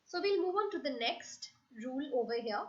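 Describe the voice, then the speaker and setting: Female grammar teacher, patient and methodical, spells out letters; high voice. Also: expressive, brisk. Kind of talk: classroom grammar lesson. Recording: dull lo-fi recording.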